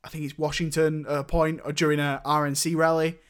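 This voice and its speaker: A man's voice: fairly high pitch, level tone, a little fast, clear, resonant tone. A young man in casual chat, reviewing films with a rambling manner and many restarts. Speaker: podcast co-host reviewing films.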